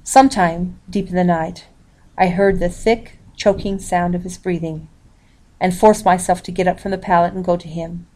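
A woman reading a historical novel aloud, calling out the page numbers as she goes. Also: on the low side. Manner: even, measured reading with page numbers announced. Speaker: reader.

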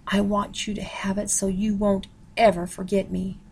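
A woman reading as a soft-spoken refined older lady. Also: medium pitch, level tone, moderate pace, gravelly, breathy edge. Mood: gentle, sad. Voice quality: soft, genteel. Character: gentle, refined older rich woman, sad. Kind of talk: reading aloud a novel.

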